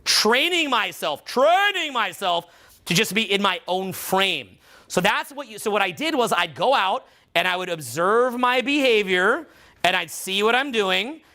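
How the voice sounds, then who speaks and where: This male vocal coach takes an unhurried pace as he leads students through a live workshop. His bright, forceful voice sits high for a man, and his animated explanations are punctuated by loud demonstration voices.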